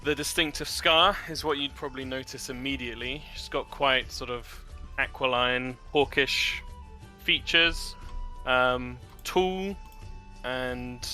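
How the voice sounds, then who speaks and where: Slow, sharp-toned man describing a character. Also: mid-range voice. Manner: measured, searching for words. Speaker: player. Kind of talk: describing a character in a tabletop game.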